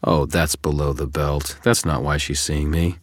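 Audiobook: weary sarcastic wizard, gruff, very low voice, as a man reads him. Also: flat delivery, measured pace, no room sound, studio quality. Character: tired, sardonic male wizard hero. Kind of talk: audiobook character reading.

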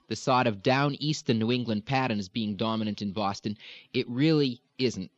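A man teaching a recorded accent lesson as a dialect coach, explaining in a measured way and demonstrating sounds. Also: mid-range voice, no echo. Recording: dull, dry, lo-fi recording.

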